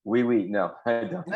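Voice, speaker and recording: A man's voice: medium pitch, a little mellow, slightly rough, dull audio. A man co-hosting an online talk show on a video call, upbeat and encouraging, often repeating his words. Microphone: video call audio.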